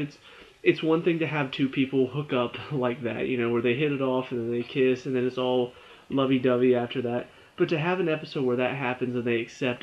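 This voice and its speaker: A man's voice: medium pitch, brisk. A young man giving a casual spoken review of a TV episode, chatty and often exasperated. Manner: chatty, exasperated, rising to animated complaint. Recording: dull lo-fi recording.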